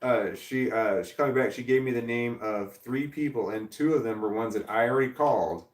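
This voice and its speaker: Sitting in a creaky chair in an indoor room, a man hosts a laid-back livestream, answering chat in a rambling, self-deprecating way. His mid-range voice moves a little fast and sounds reverberant, picked up far from the mic.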